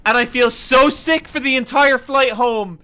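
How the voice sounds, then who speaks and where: A man's voice: extremely high pitch, measured pace, bright, forceful tone, clear, resonant tone. A young man streaming, telling a rambling, profane story to his chat in an exasperated way.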